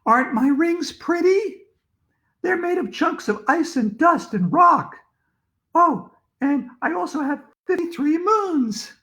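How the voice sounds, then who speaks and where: A man voicing a cheerful young schoolgirl who is playing a planet in a school show, in a high, proud, sing-song voice. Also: expressive, slow pace, bright, forceful tone, heavily acted. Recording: echoey room.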